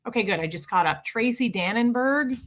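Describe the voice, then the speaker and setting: A woman hosting a casual live stream from home, greeting viewers by name and chatting with them, her voice husky from just waking up. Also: on the high side, expressive, a little fast.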